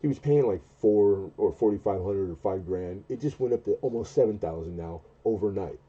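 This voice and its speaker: Low, dark-voiced man in his forties. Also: husky, highs cut off. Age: 40s. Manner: rambling, halting, with many restarts and fillers; acts out quoted dialogue in a much higher, louder voice. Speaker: livestream host. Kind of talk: casual late-night storytelling.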